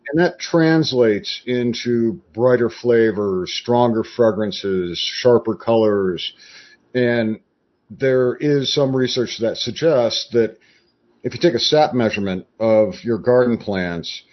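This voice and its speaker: A man as a podcast guest, explaining his approach in a measured, conversational way. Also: medium pitch, muffled recording.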